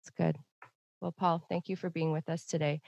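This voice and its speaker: A woman's voice: sits low, flat delivery, moderate pace, gravelly, a little mellow, dry recording, dull audio. A woman hosting a casual podcast interview, chatty and laughing often. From Canada. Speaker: podcast host.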